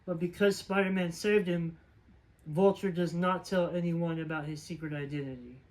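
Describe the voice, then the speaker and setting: A man with a notably high voice talks through a film's story in a loose, chatty recap. He wanders from scene to scene and fills the gaps with plenty of filler words, like an informal reviewer talking straight to the camera. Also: fairly even intonation, normal speed, poor audio. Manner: rambling, filler-heavy retelling. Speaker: movie reviewer. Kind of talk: casual movie plot recap.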